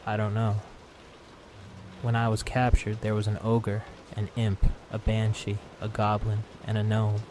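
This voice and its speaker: A man voicing a gentle elderly female centaur, polite and soft-spoken, in a narrated horror story. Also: on the low side, completely flat delivery, unhurried, noisy background, lightly acted. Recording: clear rain sounds behind voice.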